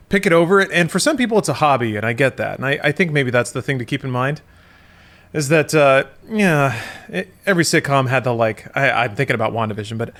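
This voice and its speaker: A man's voice: medium pitch, fairly bright tone. A man in his thirties co-hosting a podcast, musing aloud in a loose, rambling casual chat and often correcting himself. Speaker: podcast co-host.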